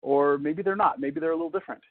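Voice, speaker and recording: Male presenter, conversational lecturer, husky tone, tinny phone-quality audio. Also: a little high, quick pace. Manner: conversational, explains step by step with fillers. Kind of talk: webinar lecture.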